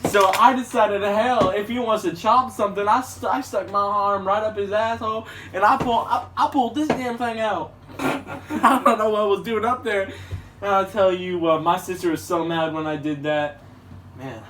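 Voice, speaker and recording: A man voicing a rowdy, loudmouthed man who spins a wild tall tale with crude, laughing talk. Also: sits high, steady tone, moderate pace, pitched above the performer's own voice, close to an everyday voice. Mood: rowdy boastful. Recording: distant mic with clear background noise.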